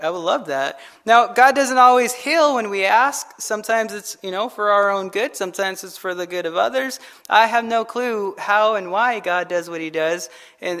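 A man preaching a sermon as pastor, in a conversational, animated storytelling manner that acts out quotes. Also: high-pitched.

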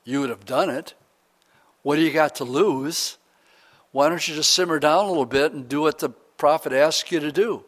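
A calm, soothing servant, as a preacher plays him, coaxing his angry master to settle down. He speaks quietly and reasonably, in a man's ordinary voice. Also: a little high, normal speed.

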